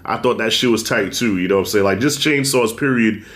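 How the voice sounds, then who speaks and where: A man co-hosting a casual horror movie review, blunt and profane, telling scenes with animated storytelling. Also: fairly low pitch, fairly quick. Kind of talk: casual spoiler discussion.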